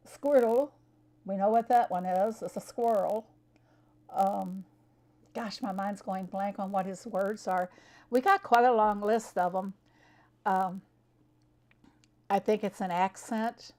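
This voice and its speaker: A woman hosts a live game stream in a relaxed, unhurried voice of middling pitch. She chats easily with her viewers, answers their questions and laughs often. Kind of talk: casual live-stream chat.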